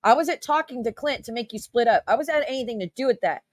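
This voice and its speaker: A woman's voice: on the high side, lively intonation, quick pace, no echo. A woman commentator ranting in her own defense, firing rhetorical questions and swearing. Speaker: YouTube commentator. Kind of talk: heated reaction rant.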